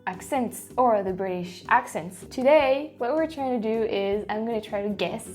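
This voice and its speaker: A woman from France with a noticeable French accent talks through her thoughts for a casual video. She restarts her sentences often, and her voice jumps up in quick bursts of excitement. Faint music sits softly behind her. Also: on the high side. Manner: chatty and thinking aloud, with frequent restarts and bursts of excitement. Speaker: vlogger. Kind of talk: casual reaction vlog.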